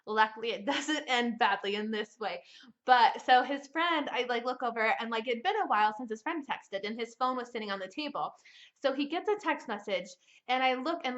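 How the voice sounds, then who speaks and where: A young woman tells a dating story straight to her viewers, her voice high and lively. She talks fast and loose, full of "like" and swearing. The recording sounds dull and lo-fi. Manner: animated, profane, lots of "like". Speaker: vlogger. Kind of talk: casual storytime.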